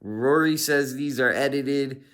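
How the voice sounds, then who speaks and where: A man's voice: medium pitch, slow, a bit bright. A man hosting a casual reaction stream, laid-back, full of fillers. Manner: laid-back, lots of fillers like "you know what I mean".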